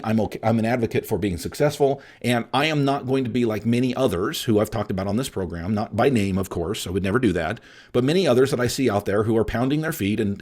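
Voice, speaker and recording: A man's voice: mid-range voice, a little mellow. A middle-aged man hosting a solo podcast, emphatic and blunt, speaking straight to his listeners. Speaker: podcast host and appraisal coach.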